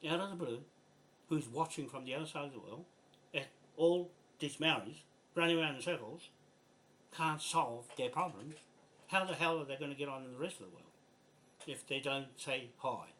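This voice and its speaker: A man's voice: a little high, moderate pace, fairly bright tone, slight background noise. An older man with a New Zealand accent, speaking bluntly and with exasperation in a frustrated, swearing video message. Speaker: land rights activist.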